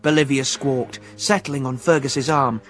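A man narrating an adventure audiobook in an expressive, vivid storytelling manner. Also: medium pitch, measured pace.

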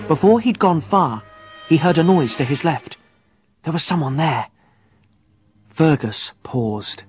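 A man narrating an adventure audiobook in an expressive, vivid storytelling manner. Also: a little high, breathy edge.

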